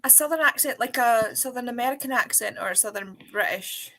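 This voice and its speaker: A woman's voice: a little high, brisk, pushed and bright, poor audio. A woman chatting casually on a livestream, drifting from one topic to the next and asking questions. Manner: chatty, tangential, curious. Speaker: livestream co-host. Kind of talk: casual group chat on a livestream.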